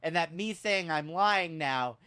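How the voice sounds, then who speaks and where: A man co-hosting a podcast, telling a story in casual chat, animated and jumping into high squeaky voices for jokes. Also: measured pace, smooth. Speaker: podcast co-host.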